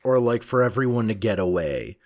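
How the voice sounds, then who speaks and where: A man co-hosting a podcast, chatting casually and thoughtfully, with halting restarts. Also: on the low side, animated, a little mellow, dry recording, clean studio sound. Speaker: podcast co-host. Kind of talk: casual chat.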